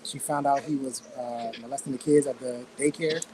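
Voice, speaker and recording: A man's voice: mid-range voice, fairly even intonation, moderate pace, mellow, slight background noise, low-quality recording. A man co-hosting a podcast in casual chat, playful and theatrical, often exaggerating his points.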